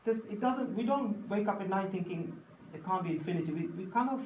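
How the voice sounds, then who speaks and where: A man's voice: high voice, animated, a little fast, a little mellow, muffled recording. Man lecturing a class in an echoey room. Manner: storytelling, acts out voices, checks understanding often. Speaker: teacher. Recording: echoey room from a distance, faint noise.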